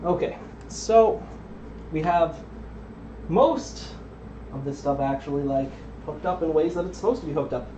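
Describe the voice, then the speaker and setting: A man's voice: a little high, animated, a little slow, pauses often, warm tone. A young man chatting casually as he streams a computer build at home, rambling with frequent ums and drifting off the mic. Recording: dull lo-fi stream audio with faint noise.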